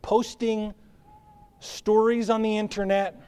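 A man preaching a sermon as pastor, with a conversational, animated delivery. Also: high-pitched, slow pace, clear, resonant tone. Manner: animated, conversational preaching with acted-out crowd voices.

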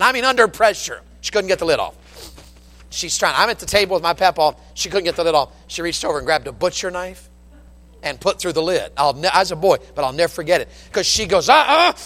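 A man preaching a sermon from the pulpit, telling folksy stories in an animated, down-home way. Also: high voice, big-room sound. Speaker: pastor. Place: church sanctuary with long reverb. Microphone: pulpit microphone.

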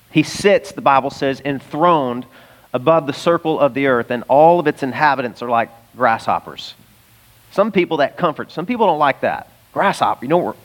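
A pastor preaching a sermon in a conversational, emphatic way, sometimes laughing mid-sentence. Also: male voice, medium pitch.

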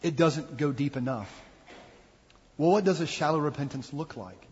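A man's voice: fairly high pitch, moderate pace, breathy edge. A man giving an earnest, reflective sermon as a pastor. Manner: earnest, reflective preaching with acted quotes. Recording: dull sound with long hall reverb.

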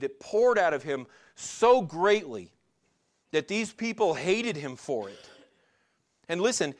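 A male pastor in middle age preaches in a fairly high voice. He talks to the congregation as if chatting, puts question after question to them, and drags out the lines he wants to land. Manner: conversational preaching with rhetorical questions and slowed emphatic lines. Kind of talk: sermon.

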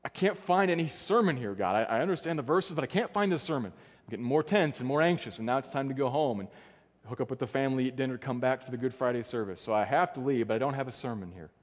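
A man's voice: animated, fast talker. Earnest male pastor in echoing hall. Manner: earnest, dropping soft and low for emphasis. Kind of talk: sermon. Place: church sanctuary. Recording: long church hall reverb.

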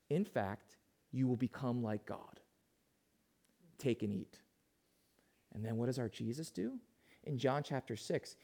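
A pastor preaching a sermon in a high-pitched male voice. He poses questions to his listeners and moves between quiet, drawn-in passages and louder, emphatic ones. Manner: asks the congregation questions, swings from hushed to emphatic.

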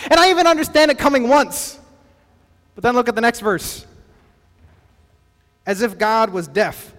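A man's voice: very high-pitched, expressive, a little fast, a bit bright, long reverb tail. A male pastor giving a sermon in a conversational way, full of rhetorical questions and humorous asides. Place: church.

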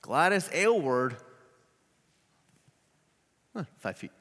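A man preaching a sermon, telling a story with animated delivery and joking asides. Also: on the high side, drawn-out words, long reverb tail. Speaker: pastor.

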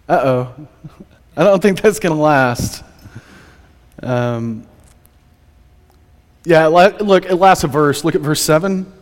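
A man's voice: fairly high pitch, takes it slowly, long pauses. A man preaching a Sunday sermon as pastor, in a conversational way with joking asides. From United States. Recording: reverberant church hall.

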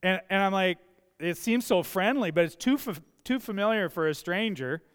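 A pastor's sermon, streamed from the church sanctuary, rings with long hall reverb. He talks in a chatty, anecdotal way with rising emphasis on key points, his voice high, clear, smooth and a bit bright. He is expressive and keeps a moderate pace.

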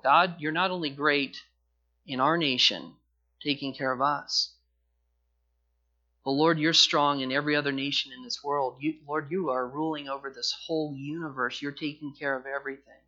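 A male pastor preaching in a church sanctuary, his raised, bright voice carrying the sermon. He swings between forceful emphasis and hushed, pleading passages. The recording sounds dull and muffled. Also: on the high side, fairly even intonation, normal speed.

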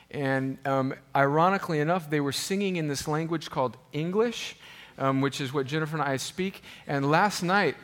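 A man preaching to his church, talking in a loose, self-deprecating way with many fillers and restarts, and turning soft and earnest when he prays. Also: a little high, normal speed. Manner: turns soft and earnest in prayer. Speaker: pastor. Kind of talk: sermon.

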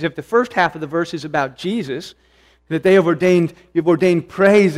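Earnest preacher in a reverberant hall. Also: male voice, fairly high pitch, a little mellow. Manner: earnest, searching, with restarts and rising emphasis. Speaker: pastor. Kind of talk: expository sermon.

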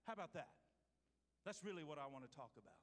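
A male pastor preaching a sermon, swinging from loud to hushed. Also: fairly high pitch, big pitch swings, fast talker. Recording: hall reverb.

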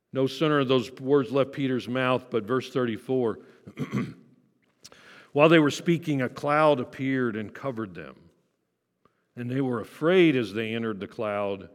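A man's voice: medium pitch, long reverb tail. A man preaching a sermon to his congregation in a church, talking casually, asking them questions and making light self-deprecating jokes. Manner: conversational, asks the congregation questions. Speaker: pastor. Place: church sanctuary.

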